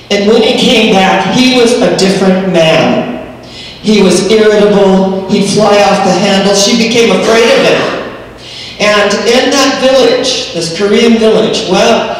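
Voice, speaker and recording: A woman minister telling a fable in a sermon as an animated storyteller. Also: medium pitch. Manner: animated storyteller, sings chants. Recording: echoey hall, distant mic, faint noise.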